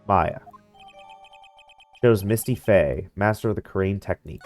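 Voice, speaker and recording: A man's voice: deep voice, a little slow, faint music behind. A man voicing a wry, easily exasperated young lawyer in a game fan dub, talking in a dry, sarcastic way.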